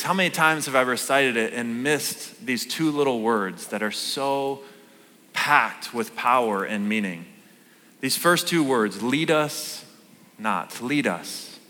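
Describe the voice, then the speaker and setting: A man in his thirties preaches in a casual, animated style and keeps asking the congregation questions. His voice is bright and forceful. It carries a long reverb from a church auditorium. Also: mid-range voice. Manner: conversational, animated, asks the room questions. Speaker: pastor. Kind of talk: sermon.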